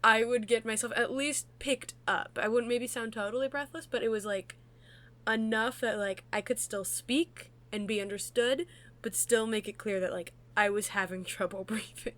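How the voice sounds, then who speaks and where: A woman's voice: on the high side, steady tone, moderate pace, fairly bright tone. A young woman co-hosting a podcast in casual chat, chatty and laughing often, with lots of fillers. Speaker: podcast co-host.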